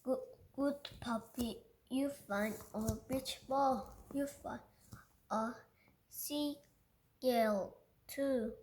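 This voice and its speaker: A Korean-native woman reads a children's picture book aloud, carefully and haltingly, restarting words as she goes. Her voice sits a little high and she reads very slowly. The room around her is echoey. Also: darkish tone, a little hiss or hum. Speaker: reader.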